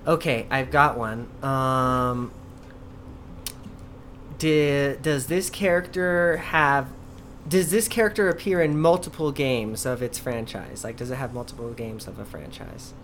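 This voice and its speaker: A man's voice: mid-range voice, a little slow, fairly bright tone, slight background noise. A man in a casual podcast game, asking hesitant questions and correcting himself midway. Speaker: podcast co-host, guesser. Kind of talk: casual gaming podcast chat.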